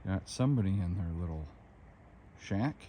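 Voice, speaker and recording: A man's voice: sits low, normal speed, noisy background. A man narrating a casual hiking vlog outdoors on a park trail, chatting to viewers as he walks. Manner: relaxed, chatty, talks to viewers while hiking. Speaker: hiking vlogger.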